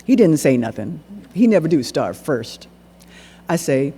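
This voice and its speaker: A man performing a dramatic monologue on stage, narrating in an animated, dialect-rich storytelling voice. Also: fairly high pitch, a little slow, slightly rough. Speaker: solo performer. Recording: echoey hall recording.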